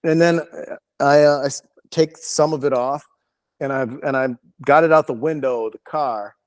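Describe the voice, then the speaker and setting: A male comedian, a podcast guest, telling an animated, rambling and profane story with lots of restarts. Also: mid-range voice, moderate pace.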